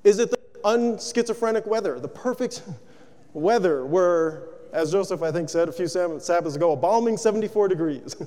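A man with a high, mellow voice delivers a sermon to his congregation. He talks it through casually, asking question after question. His words ring out with the long reverb of a hall. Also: normal speed. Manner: asks rhetorical questions, conversational and animated. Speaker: preacher.

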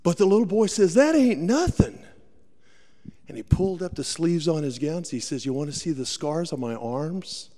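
Folksy preacher in a reverberant hall. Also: male voice, a little high, a little fast, hardly any pauses, warm tone. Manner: folksy, dramatic storyteller, acts out voices. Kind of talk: sermon storytelling.

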